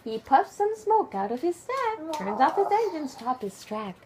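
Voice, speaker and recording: A woman who speaks Japanese natively, reading a picture book aloud to her child at home at bedtime, expressive and hushed at times. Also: high voice, unhurried, background noise. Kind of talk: bedtime story read-aloud.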